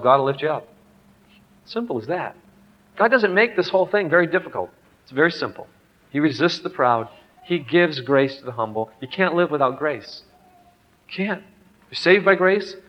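A middle-aged man preaching a personal storytelling sermon, animated, swinging from loud to hushed. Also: on the high side. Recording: dull lo-fi hall recording.

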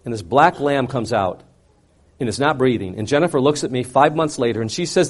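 A man preaching, telling a personal story in an animated way with wide swings between loud and quiet. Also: medium pitch, fairly quick. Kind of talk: sermon storytelling.

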